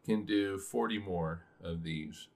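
A man's voice: deep voice, slow pace, creaky, a crowd in the background. A man co-hosting a casual podcast, joking and teasing his co-host. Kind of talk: casual chat.

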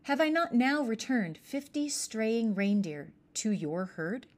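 A woman doing a smooth-talking scheming uncle. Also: a little high, takes it slowly. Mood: persuasive.

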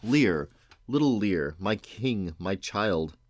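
Man putting on a whiny old father, self-pitying, wheedling, low voice. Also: moderate pace, a little mellow, lightly acted. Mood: pleading. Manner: pleading, then shrill and resentful.

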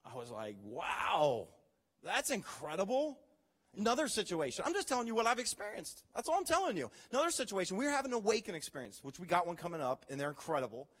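A man preaching a sermon as pastor, telling stories with animated, acted-out reactions. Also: high-pitched, rapid-fire, few pauses, in a large hall. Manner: animated storytelling, acts out his own reactions.

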